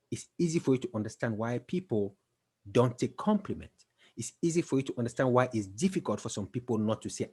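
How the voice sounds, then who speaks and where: A man's voice: medium pitch, a little mellow, husky. A man giving an emphatic, repetitive motivational talk, building to intense passages. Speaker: motivational speaker.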